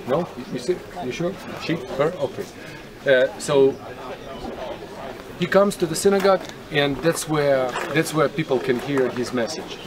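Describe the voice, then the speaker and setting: A man's voice: a little high, a little slow. A man leading a tour group outdoors, talking casually and asking his listeners questions as he explains. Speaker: tour guide. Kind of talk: guided tour talk. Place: outdoors at a historic site. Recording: outdoor recording with crowd noise. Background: crowd chatter.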